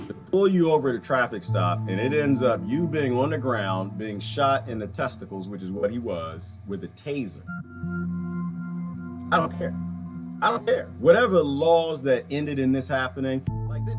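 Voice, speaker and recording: Impassioned man ranting over music. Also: medium pitch. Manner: impassioned, repetitive, preachy. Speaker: video commentator. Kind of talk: ranting political commentary. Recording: music playing underneath.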